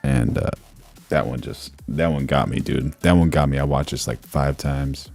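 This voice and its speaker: A man's voice: extremely low pitch, moderate pace, vocal fry, a little mellow, soft background music. A man hosting a live reaction stream, talking in a laid-back, rambling, slangy way into a streaming mic. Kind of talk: casual live-stream commentary.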